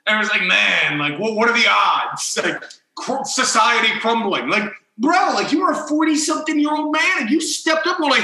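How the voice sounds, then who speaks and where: A young man hosting a podcast tells a story in a rambling way, packed with "like" and acted-out quotes of other people. His very high-pitched voice is expressive and sharp, with vocal fry at a moderate pace, recorded with poor audio in an echoey room.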